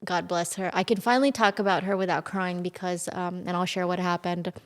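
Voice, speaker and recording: A woman's voice: fairly low pitch, brisk. A young adult woman, a podcast guest telling a story casually and animatedly, full of fillers and quoted dialogue. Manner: animated, quotes people often, frequent fillers. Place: home in Texas. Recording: reverberant room.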